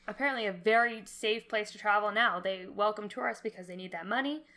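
Young podcast co-host, woman, bright tone, lively and chatty, laughs easily. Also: medium pitch. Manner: animated, quick laughs, chatty asides. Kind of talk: casual podcast chat.

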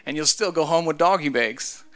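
A man preacher voicing Jesus in a sermon retelling, assured and gently teasing. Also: on the high side, moderate pace, smooth, lightly acted. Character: confident male Jesus speaking to a woman.

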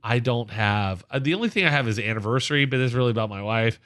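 A man's voice: medium pitch, expressive, fast talker, a bit bright. A man in his forties, a podcast co-host, chatting casually and telling rambling stories, often repeating himself. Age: 40s. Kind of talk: casual chat.

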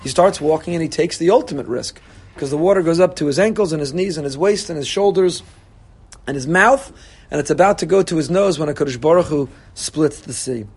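High-voiced rabbi preaching animatedly. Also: male voice, fairly quick, breathy edge. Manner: animated preaching, voicing God and congregants. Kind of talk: sermon.

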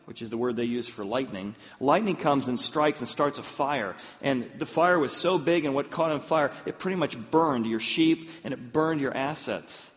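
A man preaching a sermon, telling a personal story in an animated way and acting out the voices he quotes. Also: mid-range voice, moderate pace, hardly any pauses. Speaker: pastor. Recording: muffled sound with long hall reverb.

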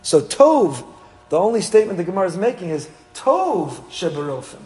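A man's voice: sits high, big pitch swings, normal speed, a little mellow, low-quality recording. A man, a rabbi giving a Torah class to his congregation, mixing Hebrew terms into English.

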